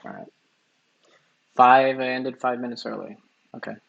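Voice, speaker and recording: A man working through practice test questions out loud, half-reading and mumbling his reasoning as he goes. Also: medium pitch, normal speed, gravelly, highs cut off. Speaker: test-taker and tutor. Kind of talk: think-aloud practice test, muttering while reading.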